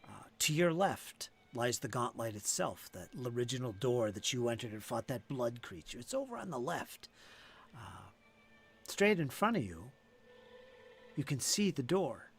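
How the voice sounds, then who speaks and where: A man narrating a tabletop game as game master, relaxed and conversational, with frequent fillers. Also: mid-range voice, moderate pace, slightly rough.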